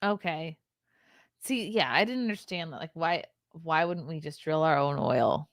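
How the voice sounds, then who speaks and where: A woman's voice: sits low, moderate pace, dry recording, clean studio sound. A woman hosting a casual podcast, laughing often, giving short reactions and reading out viewer comments. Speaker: podcast host.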